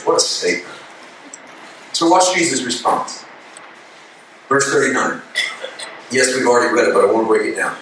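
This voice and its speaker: A man's voice: medium pitch, normal speed, long pauses, slight background noise. Man preaching in an echoey church. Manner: builds from calm teaching to shouted passionate preaching. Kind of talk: sermon. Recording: echoey hall from a distance.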